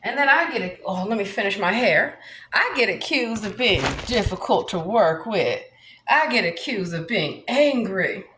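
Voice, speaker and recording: A woman's voice: medium pitch, expressive, moderate pace, fairly bright tone, reverberant, a little hiss or hum. A woman vlogging in a rambling monologue, brash and profane, swaggering as she talks.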